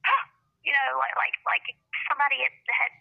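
A woman chatting casually on a podcast, telling a story in an animated way and acting out what people said. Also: sits high, quick pace, gravelly. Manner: animated storyteller, acts out quotes. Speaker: podcast co-host. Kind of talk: casual chat. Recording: dull lo-fi podcast audio.

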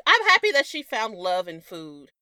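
Chatty Southern woman with a Southern accent, giggly podcast co-host, bright and animated. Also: on the high side, moderate pace, smooth, no echo, studio quality. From American South. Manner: giggly, chatty, laughs often. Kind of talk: casual chat.

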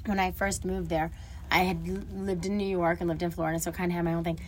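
A middle-aged woman co-hosting a casual podcast, telling animated stories and acting out her own quoted lines. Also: fairly low pitch, quick pace, a little hiss or hum. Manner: animated storyteller acting out quotes, laughing often. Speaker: podcast co-host. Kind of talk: casual chat.

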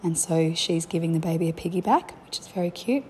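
A woman's voice: fairly low pitch, a little fast, a little mellow, slight background noise. A young woman, a mother, telling candid, reflective stories about family life in a chatty way. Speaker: parent sharing family life. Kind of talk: casual storytelling.

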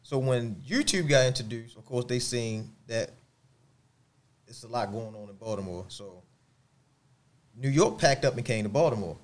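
Podcast host, male, casual, mid-pitched, steers the talk with interjections. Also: normal speed, long pauses. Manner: steers the conversation, interjecting to back up. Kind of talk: casual chat.

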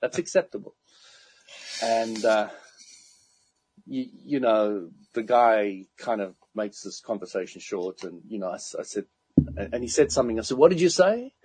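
A man's voice: lowish voice, moderate pace, slightly rough. A man in casual chat, telling an anecdote with lots of laughter and acted-out quotes. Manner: animated anecdote-telling, laughs often, acts out quoted people.

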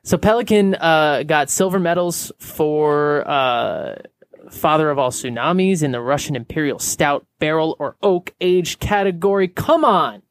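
A man co-hosting a casual beer podcast, talking in a relaxed way with many fillers into a close microphone. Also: on the high side, measured pace, dry recording. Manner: laid-back, lots of filler words. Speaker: podcast co-host. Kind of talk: casual chat.

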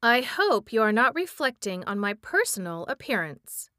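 A woman's voice: fairly high pitch, big pitch swings, normal speed, bright, forceful tone, no echo, studio quality. A woman voicing a grave, solemn pumpkin-headed man come to life in a storybook. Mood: offended.

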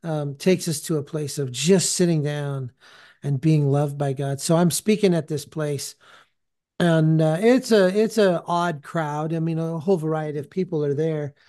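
A man's voice: on the high side, normal speed, dark tone. A man who hosts a faith podcast and preaches, telling a story in conversation and acting out the people he quotes.

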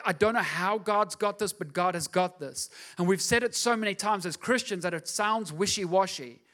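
A man's voice: high voice, moderate pace, pushed and bright. A pastor preaching a sermon, pressing his listeners with repeated, emphatic questions.

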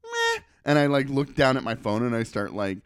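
A man co-hosting a podcast, telling a story in a casual, animated way and acting out the voices of the people in it. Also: medium pitch, a little fast, clean tone. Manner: animated, acts out quoted voices. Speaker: podcast co-host.

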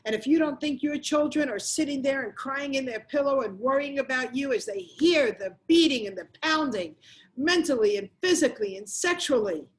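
A woman's voice: high voice, lively intonation, normal speed, poor audio. Emphatic middle-aged woman coach. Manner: emphatic, repeats phrases for effect. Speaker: motivational coach. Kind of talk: motivational talk to viewers.

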